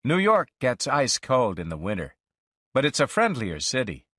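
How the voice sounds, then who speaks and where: A man narrating a story slowly and expressively for English learners. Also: mid-range voice, huge pitch swings, fairly bright tone, husky, dry recording, clean studio sound.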